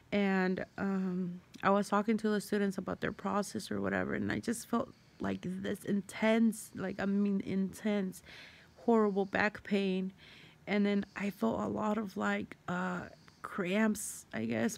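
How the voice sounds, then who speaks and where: A woman's voice: mid-range voice, gravelly. A young woman casually telling a personal story to camera, rambling with lots of fillers and the odd swear word. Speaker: vlogger.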